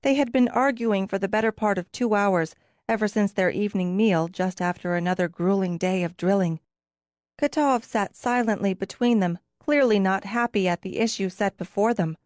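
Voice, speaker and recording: A woman's voice: mid-range voice, moderate pace, no echo. Woman narrating an audiobook, dry. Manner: steady, expressive storytelling. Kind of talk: scripted narration.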